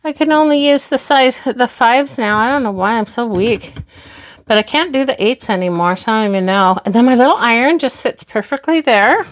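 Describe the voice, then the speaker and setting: Woman in her 60s, home vlogger, chatty, upbeat, slightly higher voice, closet tour at home. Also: brisk. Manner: chatty and upbeat, exclaiming as she shows things. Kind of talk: casual show-and-tell vlog.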